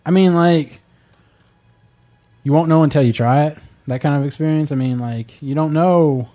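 A man's voice: fairly high pitch, normal speed, dark tone, faint music behind. A man chatting casually, rambling and joking, often trailing off mid-sentence. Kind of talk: casual chat.

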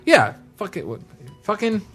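A man hosting a casual gaming podcast, riffing on ideas with bursts of excitement and swearing. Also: sits high, moderate pace, husky, faint music behind.

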